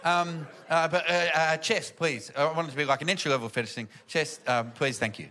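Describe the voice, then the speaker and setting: A man's stand-up routine is rambling and self-deprecating, full of fillers, with the audience laughing around him on stage. He talks fast in a slightly high, bright, forceful voice, and there's a little hiss or hum.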